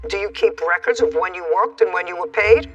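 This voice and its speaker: A sharp, impatient woman judge grilling a litigant in a TV courtroom. Her voice sounds a little husky and is picked up from a distance. Faint music plays underneath. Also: on the low side, highs cut off. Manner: brisk, sharp, impatient, cuts people off. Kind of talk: courtroom questioning.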